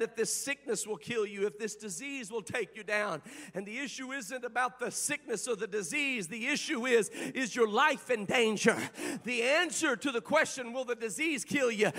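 A man delivers a fervent sermon in a strikingly high, bright voice. He moves from low, quiet talk to ringing shouts and half-sung cries, and the sound carries a long reverb as in a large hall. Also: lively intonation, measured pace. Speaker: preacher.

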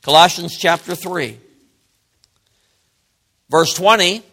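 A middle-aged man preaching a sermon, swinging from loud emphasis to quiet asides. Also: fairly high pitch, a little slow, gravelly, pauses often.

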